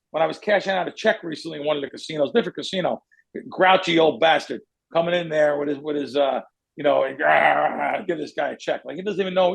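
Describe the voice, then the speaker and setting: A man's voice: on the high side, vocal fry, husky. A man hosting a betting podcast, telling long rambling stories in casual chat, cursing freely and drifting off on tangents. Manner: rambling storyteller who curses and goes off on tangents. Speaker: podcast host, sports bettor.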